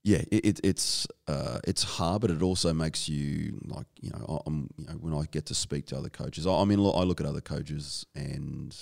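An Australian man as a guest in a casual interview, talking in halting bursts full of restarts and casual swearing. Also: a bass voice, vocal fry. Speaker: guest, strength and conditioning coach.

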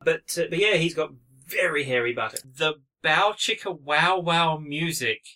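Casual male co-host, bright, forward voice pitched a little high, animated and profane. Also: normal speed. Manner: animated, laughs often, swears. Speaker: podcast co-host. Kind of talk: casual film review chat.

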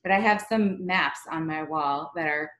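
A woman's voice: sits low, normal speed, fairly bright tone. A woman from Buffalo hosting an interview podcast in a chatty, self-deprecating way. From Buffalo, New York. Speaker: podcast host. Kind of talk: casual interview chat. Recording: roomy echo.

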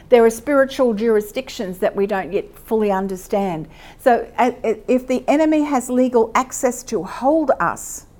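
A woman's voice: on the high side, darkish tone. Woman, church teaching, chatty delivery, fillers and restarts. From Australia. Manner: conversational, with fillers and self-corrections. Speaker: speaker at a church teaching session. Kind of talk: sermon teaching.

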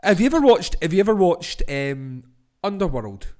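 A man hosting a podcast, cursing, laughing and building into loud film-review tirades. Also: high voice, big pitch swings, moderate pace. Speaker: podcast host. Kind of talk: casual film-review rant.

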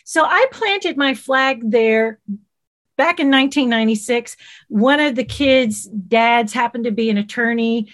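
Lively Southern woman telling stories. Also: fairly high pitch, a little slow. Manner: lively, animated, acts out quoted voices. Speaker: guest, children's TV creator. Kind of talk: casual interview storytelling.

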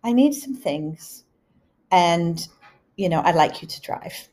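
A woman's voice: lowish voice, lively intonation, takes it slowly, a little mellow. A woman voicing her elderly English mother, a prim, queenly lady who asks for things in a genteel, politely demanding way, with an English accent. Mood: polite request. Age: older.

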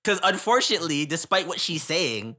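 Animated young man with a husky voice. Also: a little high, brisk. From Canada. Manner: animated, laughs often, slangy and rambling. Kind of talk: casual storytelling chat.

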